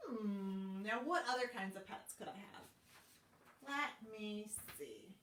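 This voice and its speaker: A woman leading a children's storytime, reading picture books to young children with an animated, exaggerated, encouraging delivery. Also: mid-range voice, slow, recorded from a distance, slight background noise. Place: library room, streamed live. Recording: roomy sound, voice set back from the mic.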